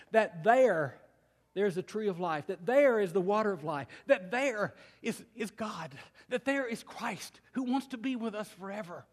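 An older man preaching a sermon, telling a folksy family story with slow, emphatic pauses. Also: very high-pitched. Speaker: pastor. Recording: long hall reverb.

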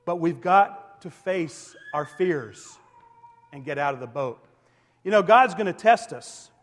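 A man in his forties preaching a sermon as a pastor, animated, swinging between loud emphasis and soft asides. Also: on the high side, unhurried. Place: church sanctuary. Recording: reverberant hall sound.

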